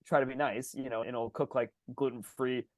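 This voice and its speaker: A man telling a story in casual chat as a podcast co-host, animated and swearing freely. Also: mid-range voice, a little fast, no room sound, clean studio sound.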